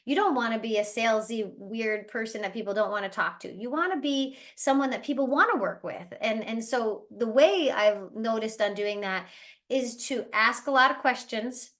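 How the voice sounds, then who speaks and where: A travel agency owner leads her team in a casual, motivational sales training, chatting away and now and then acting out other people in quick bursts. Her voice is fairly high and a bit bright.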